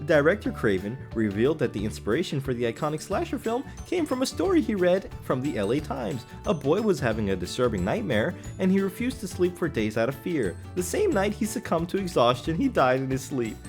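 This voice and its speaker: A chipper cartoon bear, put on by a man reels off grim trivia in a bright, sing-song voice. His pitch leaps all over the place with relentless cheer. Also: very animated, fairly quick, hardly any pauses, soft background music. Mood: gleeful. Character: chipper male cartoon bear sharing grim fun facts.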